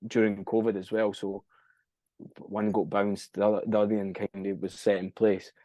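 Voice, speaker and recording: A young Scottish man with a low, mellow voice tells his story in a loose, rambling way. He swears freely and keeps losing track of dates. The sound is dry and close. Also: level tone, normal speed, no room sound. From Scotland. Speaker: band frontman, podcast guest. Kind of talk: casual interview chat.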